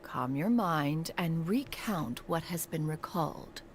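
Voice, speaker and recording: A woman's voice: low-pitched, lively intonation, takes it slowly, slight background noise. A woman voicing an aloof, ancient crane spirit in a video game, speaking in formal, archaic phrasing. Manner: formal, archaic speech, referring to herself as one.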